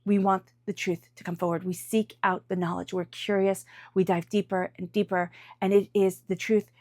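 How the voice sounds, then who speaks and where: A woman's voice: mid-range voice, flat delivery, moderate pace, darkish tone, no room sound, clean studio sound. Chatty earnest woman reading tarot. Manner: chatty and earnest, with frequent "like" and "right?". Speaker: tarot reader.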